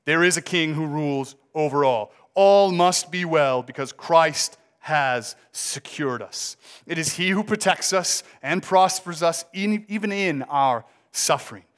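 A man's voice: fairly high pitch, a bit bright. Man preaching an emphatic sermon. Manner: emphatic preaching, rising on key words, slowing for weight. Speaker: pastor.

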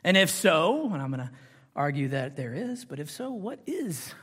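A man's voice: fairly high pitch, big pitch swings, moderate pace, fairly bright tone, husky. Man preaching in a reverberant hall. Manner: preaching with rhetorical questions and swells of intensity. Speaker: pastor. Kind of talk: sermon.

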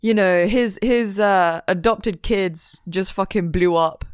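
A young woman co-hosting a podcast, casually recapping a show in slangy, sweary, quick talk. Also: mid-range voice, clean tone, no echo, clean studio sound. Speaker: podcast co-host.

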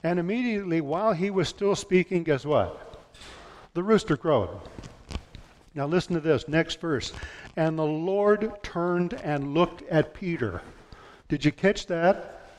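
A man preaching a sermon, retelling scripture with lively storytelling and dropping low and quiet for quoted lines. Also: measured pace. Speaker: pastor.

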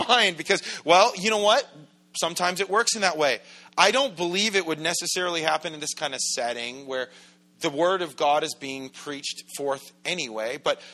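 Bright-voiced male pastor preaching casually. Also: on the high side. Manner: conversational, jokey, acts out quoted voices. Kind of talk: sermon. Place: church sanctuary.

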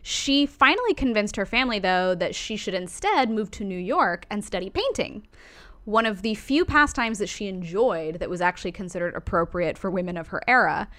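A woman's voice: mid-range voice, moderate pace. Woman casually telling a life story. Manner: animated, casual, swears lightly, acts out quotes.

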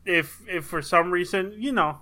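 A woman's voice: on the low side, moderate pace, bright, forceful tone. A woman in casual chat, joking and playful, with frequent swearing.

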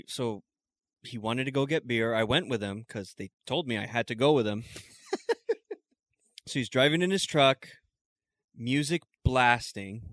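A man from California in casual podcast chat, telling a story in a relaxed, laughing way. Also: medium pitch, dry recording, clean studio sound. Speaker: podcast co-host.

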